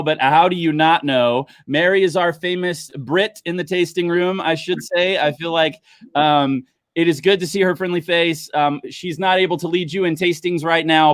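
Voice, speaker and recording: A man's voice: fairly high pitch, steady tone, normal speed, clear, resonant tone, dry recording, clean studio sound. A man hosting a casual livestream wine tasting, chatting upbeat with viewers. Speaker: livestream host.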